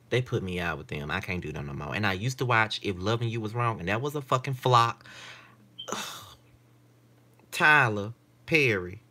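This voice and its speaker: A man's voice: fairly low pitch, lively intonation, moderate pace, pauses often, pushed and bright. A man in his late twenties chatting casually to camera in a candid, rambling, profane way. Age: late 20s. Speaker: vlogger. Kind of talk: casual vlog chat.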